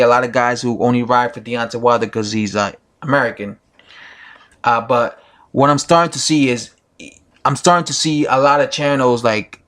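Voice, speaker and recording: A man's voice: medium pitch, fairly bright tone. A man giving his opinions in a casual vlog, rambling with many fillers and restarts. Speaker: boxing YouTuber.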